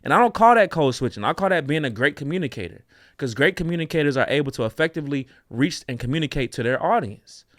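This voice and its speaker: A man co-hosting a casual reaction show, speaking in an animated, opinionated way. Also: a little high, quick pace, dry recording, clean studio sound. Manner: animated, opinionated, slips into mocking voices. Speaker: co-host.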